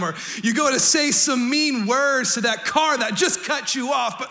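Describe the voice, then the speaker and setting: A male pastor preaching a sermon in a church, energetic and playful, joking with the congregation and sometimes shouting. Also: very high-pitched, normal speed, hardly any pauses. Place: church sanctuary.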